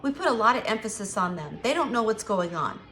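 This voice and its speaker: A woman's voice: medium pitch, sing-song, a little fast, a bit bright, a little hiss or hum. A middle-aged woman chatting candidly to camera, emphatic and given to repeating herself. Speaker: vlogger. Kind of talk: casual chat to camera.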